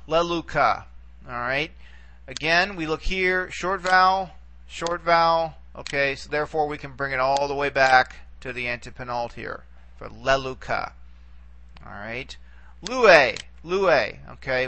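A man's voice: a little high, pushed and bright. A man teaching a recorded lesson, patient, repeating words and checking in with frequent "okay?" prompts. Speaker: Greek language teacher. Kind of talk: recorded video lecture.

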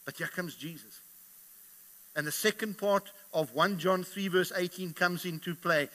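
High-voiced man preaching a fervent sermon. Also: unhurried, sharp tone. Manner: impassioned, rising in volume when retelling stories. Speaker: pastor.

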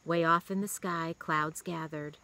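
A woman reads a children's novel aloud with a steady, expressive delivery. Her voice is pitched a little low, yet the tone is bright and crisp. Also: measured pace, rough recording. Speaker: reader.

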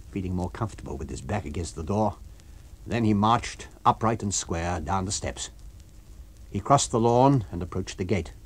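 A man narrating an abridged novel for radio in a measured, expressive storytelling manner. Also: low-pitched, breathy edge. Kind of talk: abridged audiobook reading for radio.

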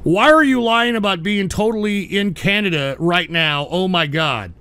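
Male live-streamer, higher voice, dry sound, reading chat and snapping back at trolls. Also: normal speed, bright, forceful tone, clean tone, no echo. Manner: exasperated, ranting at chat.

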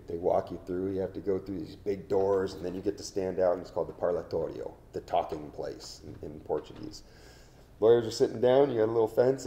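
A middle-aged man, an interview guest, telling his story candidly in a halting way, restarting his sentences often. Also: lowish voice, vocal fry, dark tone.

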